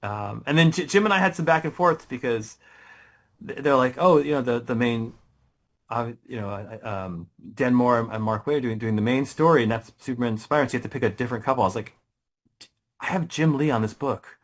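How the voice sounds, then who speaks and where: A man, a guest writer in a casual interview, telling stories with lots of restarts, quick laughs and rising excitement. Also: medium pitch. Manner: animated storytelling, many restarts, laughs often.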